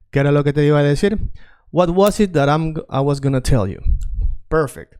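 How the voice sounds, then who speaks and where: Smooth-voiced man drilling phrases. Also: on the high side, fairly quick, darkish tone. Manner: repeats phrases for drilling, coaxing learners to say them along. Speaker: Spanish teacher. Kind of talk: language drill lesson.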